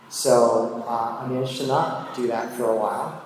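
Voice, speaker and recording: This medium-pitched, darkish male voice moves at normal speed as he recounts his drinking story. He's in his thirties or older and tells it casually, poking fun at himself and using lots of fillers. The sound is distant and echoey, from a hall, with slight background noise.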